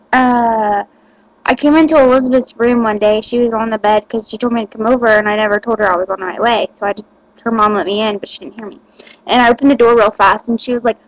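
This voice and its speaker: A woman's voice: fairly high pitch, no room sound, poor audio. A teenage girl chatting to the camera, giggly and rambling with lots of fillers. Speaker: vlogger. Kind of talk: casual chat to camera.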